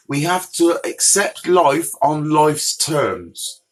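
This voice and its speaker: A man's voice: fairly high pitch, very animated, drawn-out words, low-quality recording. A man in his forties from Bristol with a West Country accent, hosting a recovery livestream and answering viewers' comments by name in a direct, chatty way while walking around outdoors. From Bristol, England. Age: 40s. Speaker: recovery mentor livestream host. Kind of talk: casual livestream chat, reading comments. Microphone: phone livestream.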